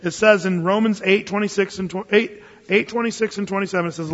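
High-voiced pastor preaching in a hall. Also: male voice, quick pace. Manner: conversational storytelling, animated with frequent restarts. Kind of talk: sermon. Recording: long hall reverb, dull lo-fi sound.

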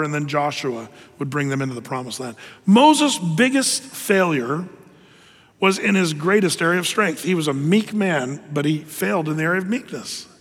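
A man preaching a sermon, telling the story lively with acted asides. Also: on the high side, big-room sound.

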